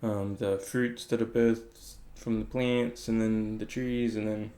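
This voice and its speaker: A man's voice: fairly low pitch, flat delivery, takes it slowly, mellow. A man thinking aloud in a casual, reflective talk about meditation, rambling with many fillers. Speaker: meditation vlogger.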